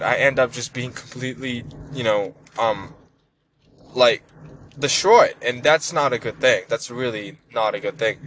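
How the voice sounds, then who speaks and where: A man's voice: medium pitch, a bit bright, poor audio. Earnest rambling man, faint vehicle hum. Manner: earnest, rambling, many restarts and repeated words. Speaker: vlogger. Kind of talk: casual personal vlog monologue.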